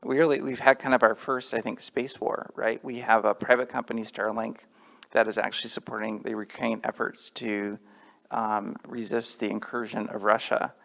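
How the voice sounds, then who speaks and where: A man's voice: on the low side, flat delivery, normal speed, gravelly, fairly bright tone, long reverb tail. A man moderating a panel, asking questions with many hesitations. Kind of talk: panel discussion.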